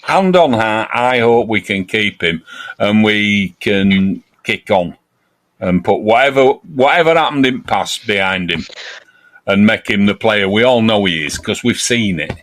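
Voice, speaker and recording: A man co-hosting a casual football fan chat, opinionated and quick with jokey asides. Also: lowish voice, lively intonation, fairly bright tone. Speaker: podcast co-host.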